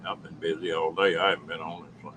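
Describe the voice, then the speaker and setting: A man's voice: rumbling low, poor audio. A man who lives in an RV, chatting easily with viewers and answering their comments by name on a live stream. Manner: relaxed and chatty, with drawn-out laughs. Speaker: host of a live stream chat. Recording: faint background noise.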